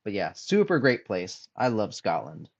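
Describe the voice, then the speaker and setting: A man chatting casually on a drawing stream, musing aloud softly as he sketches. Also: on the low side, huge pitch swings, measured pace, gravelly, dry recording, dull audio. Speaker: streamer and artist. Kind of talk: casual chat while drawing.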